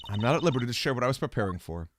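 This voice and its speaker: A man voicing a guarded female committee member in a game, speaking in a measured, quiet, evasive way. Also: mid-range voice, very animated, a little hiss or hum, natural voice.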